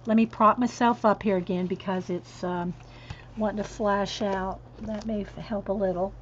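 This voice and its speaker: A woman's voice: medium pitch, steady tone, moderate pace, slight background noise. A woman chatting casually on a livestream, laughing often and answering viewers. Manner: chatty, laughing, reads chat aloud. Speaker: coloring livestream host. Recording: dull lo-fi stream audio.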